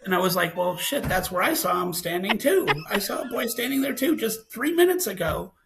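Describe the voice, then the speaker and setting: A man's voice: sits high, expressive, a little fast, gravelly, noisy background. A man, a scientist guest, telling a personal story and acting out the dialogue as he goes.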